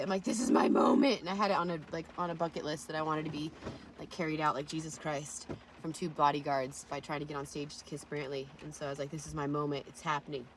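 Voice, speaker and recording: A woman with a lowish voice tells rambling, profane stories in a casual vlog. She leans into the drama with sudden loud outbursts. A faint background hiss sits under her voice. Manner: profane, animated storyteller with sudden loud bursts. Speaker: vlogger.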